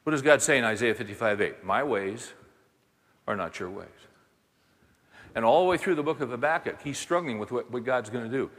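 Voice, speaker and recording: A man preaching a sermon, animated and voicing the people in his story with dramatic quotes. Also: mid-range voice, fast, few pauses. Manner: animated, voices the prophet and God in dramatic quotes. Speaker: pastor. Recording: long reverb of a large hall.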